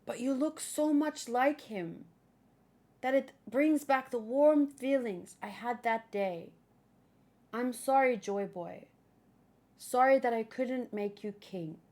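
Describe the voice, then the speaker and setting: A woman voicing a gentle, apologetic giant male robot while reading a comic aloud. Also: a little high, slow. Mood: sorrowful.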